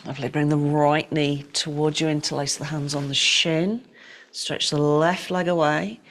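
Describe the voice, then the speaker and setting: A middle-aged woman teaching yoga and breathwork, giving calm, unhurried, gently directive cues for breathing and movement. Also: low-pitched, slight background noise. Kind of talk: guided breathwork and yoga instruction.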